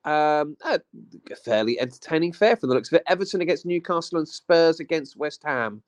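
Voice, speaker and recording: A man's voice: a little high, expressive, brisk, dry recording. Male podcast host, laid-back and teasing, dry close mic. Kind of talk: casual chat.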